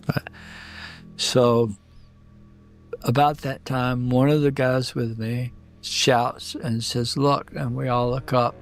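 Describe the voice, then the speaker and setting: Male eyewitness, a father, mid-pitched, plain and direct storyteller. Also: level tone, slow pace, long pauses, soft background music. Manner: plain-spoken, vivid retelling with quoted dialogue. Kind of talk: personal storytelling.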